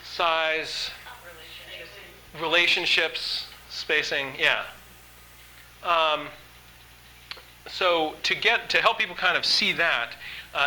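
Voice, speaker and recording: Guy teaching a drawing workshop, super bright sharp voice, chatty and eager, lots of ums. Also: a little high, slight background noise, poor audio. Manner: enthusiastic, conversational, with frequent fillers. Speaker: art instructor. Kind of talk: workshop lecture.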